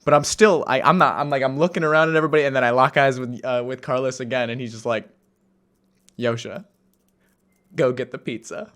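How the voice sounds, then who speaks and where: A man's voice: mid-range voice, steady tone, racing, few pauses, a bit bright, clean tone. A young man from the United States telling a story in a casual, rambling way, with many fillers and restarts and a self-amused tone. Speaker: vlogger.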